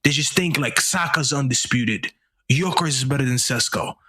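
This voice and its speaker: A man in casual football chat, mocking rival fans in an animated, sweary way. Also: medium pitch, moderate pace.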